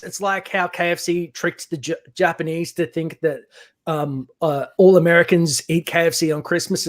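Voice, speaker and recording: A young Australian man with an Australian accent, chatting animatedly in a casual stream and rambling through explanations. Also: high-pitched.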